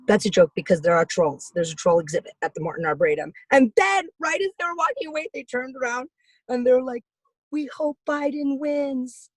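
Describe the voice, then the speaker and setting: A woman's voice: mid-range voice, mellow, breathy edge, dry recording, low-quality recording. A young woman on a video call, giving a rambling, jokey comic monologue with big swings of voice. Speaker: comedian guest on video call.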